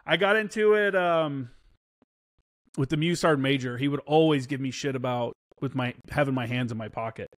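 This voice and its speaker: A man's voice: medium pitch, normal speed, dry recording, studio quality. A man in his thirties, a former Marine, telling war stories casually in an interview, swearing freely and acting out quoted dialogue. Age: 30s.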